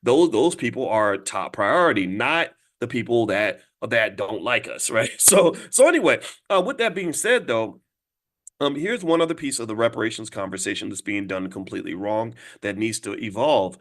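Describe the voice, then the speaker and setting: A middle-aged man giving an animated talk to an audience, emphatic, acting out little dialogues as he goes. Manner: fast, emphatic, acts out dialogue with jumps in pitch. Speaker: finance commentator addressing an audience. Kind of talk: animated monologue.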